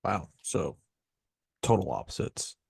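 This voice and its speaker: A man's voice: deep voice, very animated, slow pace, gravelly, darkish tone, slightly rough, no room sound. A man hosting a casual podcast, joking around in a laid-back way and swearing casually. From Southern California. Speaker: podcast host.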